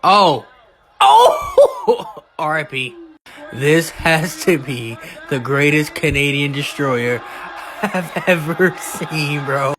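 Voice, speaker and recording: A man commenting excitedly on a clip in a casual reaction video, laughing often and using slang. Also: on the high side, slow pace, background noise.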